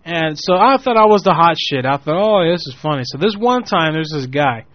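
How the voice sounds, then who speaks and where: A man's voice: on the high side, brisk, no echo. Rambling profane guy on a dull lo-fi recording. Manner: rambling, profane, animated quoting of people. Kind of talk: casual storytelling. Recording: muffled lo-fi audio.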